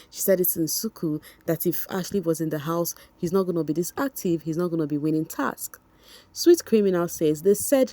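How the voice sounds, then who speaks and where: A young Nigerian woman talks straight to her viewers in a chatty, gossipy commentary, circling back over her points. Her voice sits a little low and sounds mellow. The recording is dry and close. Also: no room sound. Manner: chatty, addresses viewers directly, repeats for emphasis. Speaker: vlogger.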